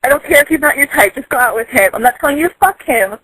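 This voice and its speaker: A woman's voice: sits high, animated, quick pace, sharp tone, no room sound, poor audio. A woman voicing her blunt, swearing sister in a retold story.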